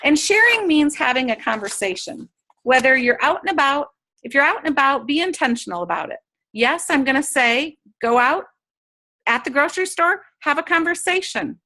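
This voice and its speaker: Woman, upbeat sales coach on a video call, high and bright voice. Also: animated, moderate pace. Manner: upbeat, coaching, acts out sample chats. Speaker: sales trainer. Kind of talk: training talk to direct sellers.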